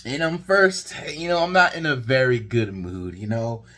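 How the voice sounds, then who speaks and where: A man's voice: medium pitch, big pitch swings, moderate pace, bright, forceful tone. A young man rambling through a basketball game recap in a casual vlog, telling the story with exasperation. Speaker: sports vlogger.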